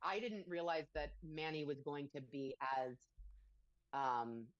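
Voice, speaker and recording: Interviewee, woman with a very low voice, thoughtful and searching for words, dull dry clip. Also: animated, a little slow, no echo. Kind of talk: interview answers.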